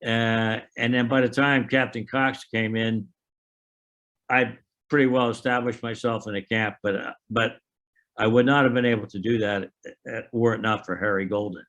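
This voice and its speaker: A man's voice: lowish voice, fairly even intonation, fairly bright tone, dull audio. Man in his 80s, oral history interview, rambling restarts, voices the people he quotes. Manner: halting storyteller, frequent restarts and fillers; acts out remembered dialogue. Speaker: veteran interviewee.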